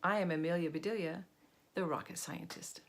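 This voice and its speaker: A woman's voice: lowish voice, fairly even intonation, brisk, vocal fry. Cheerful literal-minded housekeeper, read by a woman. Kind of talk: storybook read-aloud.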